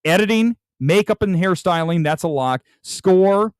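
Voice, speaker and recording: A man's voice: high-pitched, animated, measured pace, smooth, dry recording. A man hosting a live-streamed movie talk show, opinionated and rambling, talking straight to his chat. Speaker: film channel host.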